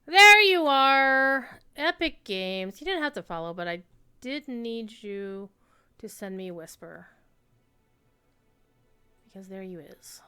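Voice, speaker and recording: A woman's voice: medium pitch, measured pace, long pauses, clean tone, faint music behind. A woman live-streaming a video game, chatting casually with her viewers and reacting to the play. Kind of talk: casual live-stream commentary while gaming.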